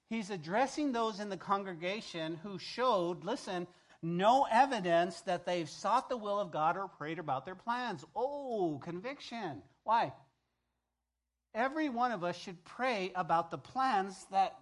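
A male pastor from New Mexico preaching a sermon to his church, acting out voices and swinging between loud calls and quiet asides. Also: high-pitched. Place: church sanctuary.

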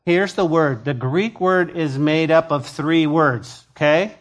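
A man preaching a conversational sermon as pastor of a church, acting out quoted voices with lively energy. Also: on the high side, slow pace. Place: church sanctuary.

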